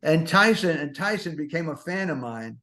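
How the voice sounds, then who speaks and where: A man's voice: on the high side, animated, normal speed, sharp tone. An older man in his seventies hosting a podcast, rambling through comic stories full of self-mocking, neurotic asides. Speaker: podcast host. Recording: roomy echo.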